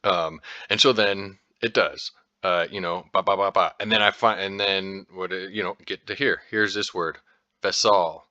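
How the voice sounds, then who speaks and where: A man's voice: low-pitched, fairly even intonation, unhurried, bright, forceful tone, dry recording, highs cut off. An American man talking casually as a podcast host, rambling with lots of fillers and restarts and the odd swear word. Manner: informal, occasionally profane. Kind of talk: casual explanatory talk.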